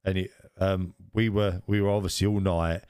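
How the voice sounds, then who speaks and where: A man's voice: low voice, little pitch movement, moderate pace, darkish tone, clear, resonant tone, no room sound, clean studio sound. A man in his forties, co-hosting a podcast and rambling through a funny story while laughing at himself. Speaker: podcast co-host. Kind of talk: casual storytelling chat.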